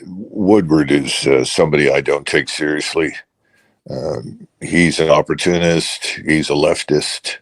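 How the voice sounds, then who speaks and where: Deep-voiced man giving measured analysis. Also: steady tone, creaky. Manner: measured, with many hesitations and restarts. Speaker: guest analyst. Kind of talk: unscripted political analysis.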